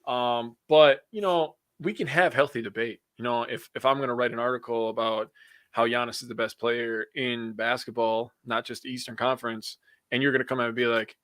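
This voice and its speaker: A man in casual sports chat, loud and animated, cursing freely and laughing at his own stories. His voice is bright and the sound is dry and close, with no room around it. He reacts big and talks fast when worked up. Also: medium pitch, dry recording. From Wisconsin. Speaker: podcast co-host.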